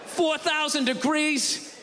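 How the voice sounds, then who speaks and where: A man doing a sarcastic, ranting stand-up routine on a comedy stage, shouting his punchlines over a live audience. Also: extremely high pitch, steady tone, slow pace. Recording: live stand-up with loud crowd and room noise.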